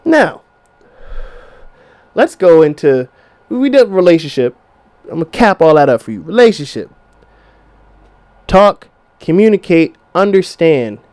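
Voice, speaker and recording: A man's voice: high-pitched, big pitch swings, normal speed, long pauses, darkish tone. A man in his twenties hosting a podcast, giving blunt, profane relationship advice in a casual rant. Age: 20s. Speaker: podcast host.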